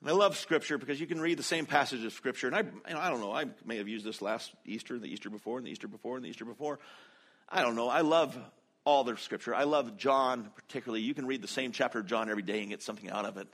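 A man's voice: medium pitch, quick pace, fairly bright tone. A man preaching a sermon as pastor, earnest and conversational, acting out quoted lines with feeling.

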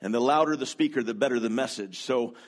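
Speaking quickly at a medium pitch, this man is a pastor preaching in a church sanctuary. He holds a handheld mic and keeps things casual and conversational, poking fun at himself along the way.

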